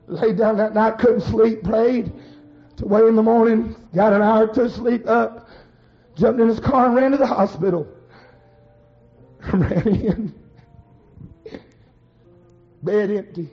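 A man preaching a fervent storytelling sermon, dramatic and swinging from hushed to shouted. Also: high-pitched, moderate pace, pauses often, soft background music. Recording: dull lo-fi recording.

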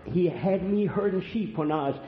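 An older man preaching a sermon, telling folksy stories and swinging between hushed and loud lines. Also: high voice, normal speed. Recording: echoey room, dull lo-fi sound.

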